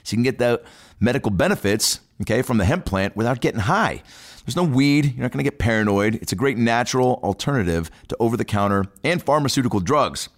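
A man's voice: medium pitch, animated, quick pace. A man reading a sponsor ad on a podcast, playful and joking between lines. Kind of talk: read ad spot, joking.

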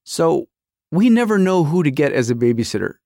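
A man's voice: a little high, very animated, fairly quick, gravelly, darkish tone, dry recording, clean studio sound. A middle-aged man hosting a podcast, telling a comic story about his marriage with exaggerated quoted voices. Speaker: podcast host.

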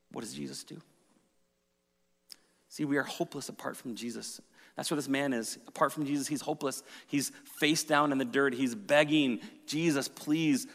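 A man preaching a sermon with dramatic shifts from loud emphasis to hushed retelling. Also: medium pitch, creaky. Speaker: pastor. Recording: reverberant hall.

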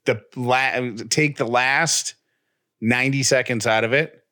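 A man's voice: medium pitch, steady tone, takes it slowly, sharp tone, no room sound. Joking man on a dry home podcast. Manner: joking, playful bits. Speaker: podcast co-host. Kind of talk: casual chat.

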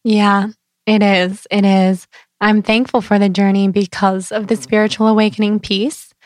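Earnest woman guest, mid pitch. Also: level tone, normal speed, dry recording. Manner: earnest, reflective. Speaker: podcast guest. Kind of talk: casual interview chat.

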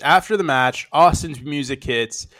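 A man's voice: a little high, unhurried, fairly bright tone, no room sound. Laid-back man recapping wrestling, dry sound. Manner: laid-back, joking, play-by-play retelling. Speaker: podcast co-host. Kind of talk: casual recap chat.

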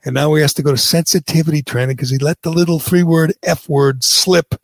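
Gravelly guy hosting talk radio, blunt and fired up, dry close mic. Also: a little high, fairly even intonation, a little fast, dry recording. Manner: blunt, heated, repeats himself. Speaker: radio talk show host. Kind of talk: opinionated talk radio chat.

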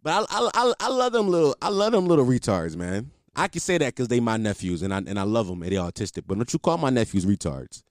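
Animated young man telling funny stories. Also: medium pitch, quick pace, hardly any pauses, no echo, clean studio sound. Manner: animated, laughs often, swears, slangy. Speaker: comedian. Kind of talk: casual comedic storytelling.

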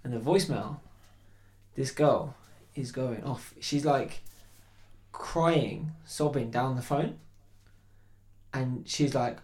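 A man, a podcast guest telling a dating story in casual chat, animated and laughing as he talks. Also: mid-range voice, slow, long pauses.

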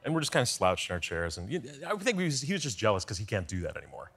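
A man guesting on a talk show, telling lively stories in quick bursts. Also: deep voice, vocal fry, heavy background noise. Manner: lively storyteller, quick asides. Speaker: guest, former speechwriter.

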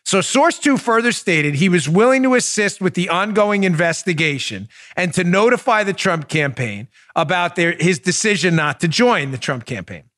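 A man's voice: sits high, lively intonation, moderate pace, hardly any pauses, fairly bright tone. A man in his forties hosting a political commentary podcast, bursting into incredulous exclamations and frequent laughter. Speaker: podcast host.

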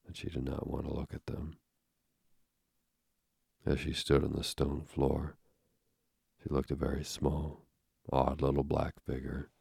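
A man narrating an audiobook in a measured, steady reading with a gravelly voice. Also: a bass voice, no echo, studio quality.

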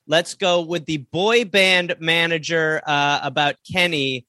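Bright, high-voiced joking man. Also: fairly even intonation, slow pace, no echo, clean studio sound. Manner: wry, jokey, reads tweets aloud. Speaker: podcast guest. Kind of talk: casual comedic chat.

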